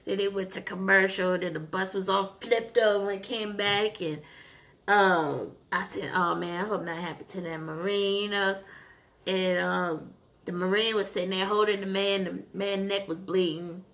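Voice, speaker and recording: A woman vlogger casually recapping a TV episode, retelling scenes in an animated way with lots of fillers. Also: mid-range voice, normal speed. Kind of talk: casual chat.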